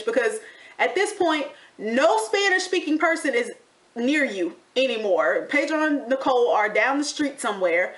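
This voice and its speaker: A woman giving a casual, sassy recap of a reality TV show, chatty and animated, with slang like honey and y'all. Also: high-pitched, moderate pace. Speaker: TV recap vlogger.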